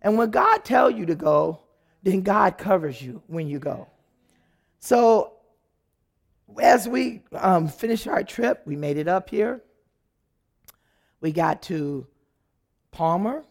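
A woman giving an animated, dramatic personal testimony, acting out the people in her story. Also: mid-range voice, slow, vocal fry, pauses often.

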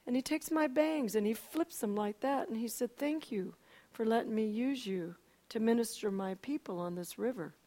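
An older woman telling an emotional personal testimony, animated, with frequent restarts and a voice that climbs and drops. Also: a little high, moderate pace. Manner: animated storyteller, voice rises and falls, frequent restarts. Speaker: speaker giving a testimony.

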